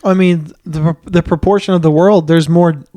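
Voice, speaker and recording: A man's voice: fairly high pitch, fairly even intonation, normal speed, dark tone. A man co-hosting a podcast in casual chat, telling stories in a rambling way. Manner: rambling storytelling with fillers and restarts. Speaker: podcast co-host.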